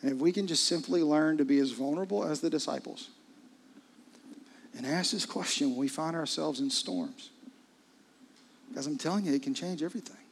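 A middle-aged man preaching a sermon, his delivery swinging from hushed, intimate lines to loud, urgent ones. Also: fairly high pitch, a little fast, gravelly, long pauses, slight background noise. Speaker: pastor.

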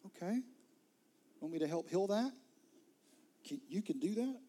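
A man's voice: high voice, lively intonation, a little slow, warm tone. A man preaching, voicing Jesus as a kind, patient, coaxing figure in a sermon. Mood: gentle. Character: gentle reassuring male Jesus speaking to a believer.

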